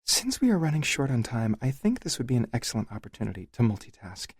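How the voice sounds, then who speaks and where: A woman's voice: extremely low pitch, very animated, fast talker, a little mellow, husky, no room sound, clean studio sound, pitched above the performer's own voice, heavily acted. A man voicing a playful, bossy adult wife in an audiobook, teasing and commanding. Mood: seductive. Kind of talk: audiobook character voice.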